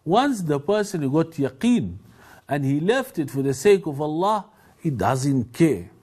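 Emphatic male preacher, mellow voice. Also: sing-song, unhurried, breathy edge. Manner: emphatic, repetitive, with sudden rises in pitch. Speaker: Islamic preacher. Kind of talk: televised religious lecture.

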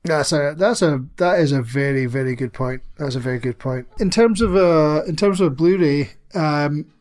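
A man's voice: a little high, moderate pace, darkish tone. A man co-hosting a podcast, chatting casually about films with lots of swearing and rambling asides. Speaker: podcast co-host. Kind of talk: casual film chat.

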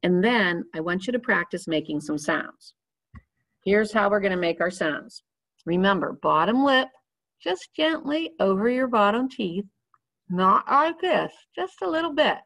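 A woman's voice: medium pitch, lively intonation, normal speed, fairly bright tone. A woman giving a clarinet lesson, explaining each step patiently while she demonstrates. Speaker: clarinet teacher.

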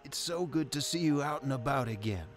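A man voicing a kindly elderly game character who talks gently in formal, old-fashioned phrases. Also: medium pitch, lively intonation, fairly quick, lightly acted. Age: older. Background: game music.

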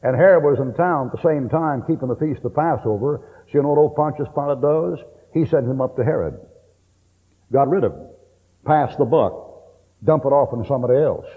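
A man's voice: mid-range voice, expressive, brisk, breathy edge. A middle-aged man preaching a sermon in a blunt, folksy way, cracking jokes as he goes. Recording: old tape, tinny and echoey hall.

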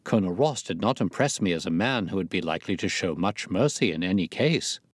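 Earnest companion, plain and questioning, low-pitched, read by a man. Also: animated, a little fast, dry recording, studio quality. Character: loyal, earnest male doctor companion.

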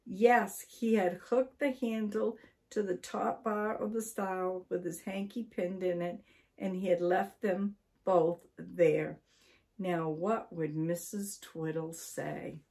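An older woman from Maine reading a children's story aloud in a slow, deliberate way. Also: fairly low pitch, fairly even intonation, a little mellow.

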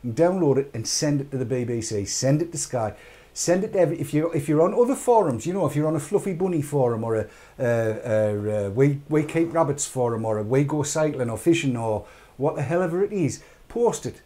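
A man's voice: mid-range voice, expressive, fairly quick, dark tone. A British man hosting a live online chat show, rambling and urging viewers on with jokey asides. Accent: British English.

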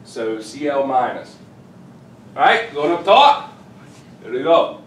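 A man's voice: medium pitch, slow, a little hiss or hum. A man teaching chemistry to a class, teasing and hyping up his students playfully. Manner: teasing, animated, hypes students up. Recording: echoey classroom from far off.

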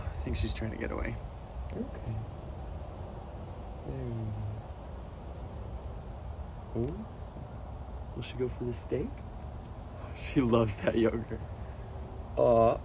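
A man's voice: a little high, big pitch swings, slow, long pauses, noisy background. Playful man cooing at his pet. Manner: playful, coos in baby talk to his pet. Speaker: vlogger and pet owner. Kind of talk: casual vlog talking to his pet.

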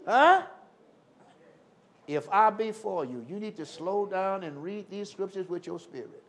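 An older man preaching a live sermon, fervent and swinging from loud exclamations to low murmurs. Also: lively intonation, normal speed. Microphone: live stream.

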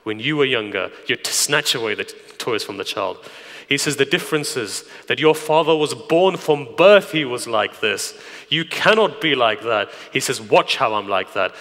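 Bright-voiced preacher in a reverberant hall. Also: male voice, medium pitch, animated, normal speed, vocal fry. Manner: storytelling, swings from hushed near-whisper to raised emphatic. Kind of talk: Muharram night sermon. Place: community centre hall.

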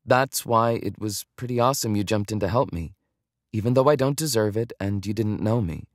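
A man's voice: fairly low pitch, a little fast, dry recording, studio quality, close to an everyday voice. A man voicing a candid, self-conscious young woman student who blurts things out nervously. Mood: earnest.

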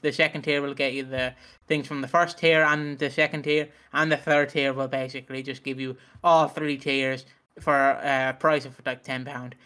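A young man co-hosting a casual podcast chat, his voice sitting a little high. He rants freely and swears a lot as he talks. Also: sharp tone, clean tone. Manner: ranting, heavy swearing. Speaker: podcast co-host.

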